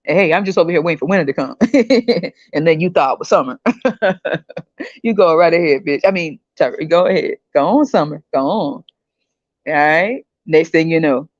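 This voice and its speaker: A woman hosting a podcast in a casual comedic rant, animated and slangy, often breaking into laughter. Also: low voice, moderate pace, long pauses, dry recording, muffled recording. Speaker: podcast host.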